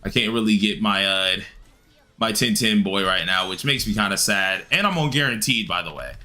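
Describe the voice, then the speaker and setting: A man streaming a game live, chatting casually with viewers and grumbling loudly at the game in an excitable way. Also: lowish voice, moderate pace. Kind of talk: live-stream gameplay commentary answering chat.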